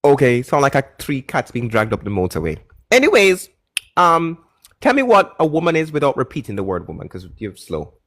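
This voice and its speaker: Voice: mid-range voice, huge pitch swings, brisk, a bit bright. A live-stream debate host who talks bluntly, mocks guests and interrupts often, on a close mic. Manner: blunt, mocking, interrupts a lot. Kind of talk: casual live-stream chat.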